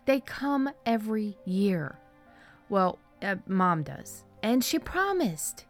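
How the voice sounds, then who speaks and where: A woman's voice: slow pace, soft background music. A woman voicing an eager, insistent young woman, the little sister in a spooky story. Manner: excited, high and insistent.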